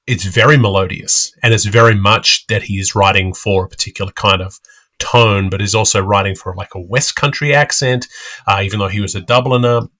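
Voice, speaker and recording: A man's voice: lowish voice, fairly even intonation, brisk, pushed and bright. A middle-aged man co-hosting a podcast, talking in a chatty way with frequent restarts. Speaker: podcast co-host. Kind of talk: casual podcast discussion.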